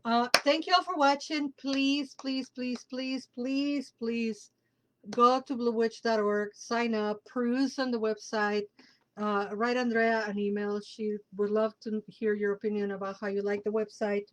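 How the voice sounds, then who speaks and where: A woman's voice: fairly high pitch, fairly even intonation, a little slow, rough recording. A woman hosting a casual live tarot reading, emphatic and emotional, repeating key words for stress and laughing between lines. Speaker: tarot reader and show host.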